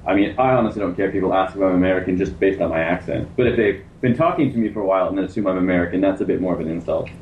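A Canadian man speaks quickly in a fairly low voice, relaxed and self-deprecating. His sound is roomy and muffled, with a faint rumble underneath, like a lo-fi remote hookup. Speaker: podcast guest, English teacher. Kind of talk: casual chat.

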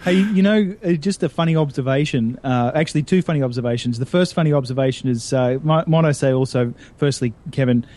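A man's voice: medium pitch, brisk, hardly any pauses, mellow. An Australian man co-hosting a podcast, a jokey, rambling storyteller in casual chat. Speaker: podcast co-host.

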